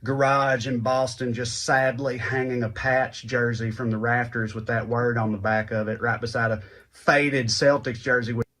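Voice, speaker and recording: A man's voice: medium pitch, little pitch movement, moderate pace, fairly bright tone. A man with a Southern US accent doing a sardonic stand-up comedy monologue, mocking in a ranting way.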